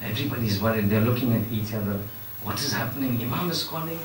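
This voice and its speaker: Echoey, animated male preacher. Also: mid-range voice, quick pace, slight background noise. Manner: acts out dialogue, shifts voice for characters, emphatic and rhetorical. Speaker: Shia cleric giving a Muharram lecture. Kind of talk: sermon with storytelling. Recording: echoey hall, voice from a distance.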